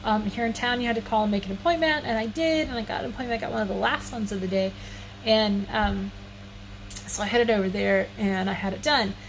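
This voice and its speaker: A woman with a mid-range voice talks a little fast, rambling through a self-mocking tale to her phone in a casual storytelling vlog. She's chatty, slightly wheezy, and laughs at herself. The setting is indoors at home, with a fan's faint hum behind.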